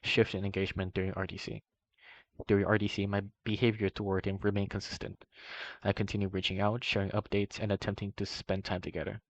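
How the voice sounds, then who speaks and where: A man reading a long document aloud in a steady way, now and then stumbling and correcting himself, in a dull, slightly muffled recording. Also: lowish voice, fast talker, dry recording. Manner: steady reading with small slips and self-corrections. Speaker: reader of a document. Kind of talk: long read-aloud narration.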